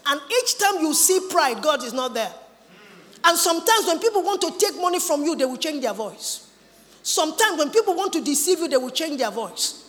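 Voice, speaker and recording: A woman preaching with a high, bright, forceful voice. She is emphatic and animated, and she slips into mimicking others. Her words ring out with long reverb in a large hall. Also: fairly quick. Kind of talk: sermon.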